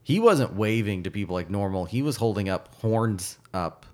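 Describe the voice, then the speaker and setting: A man's voice: fairly low pitch, expressive, moderate pace. A man co-hosting a podcast, chatting casually with dry, wry humor. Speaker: podcast co-host. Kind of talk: casual chat.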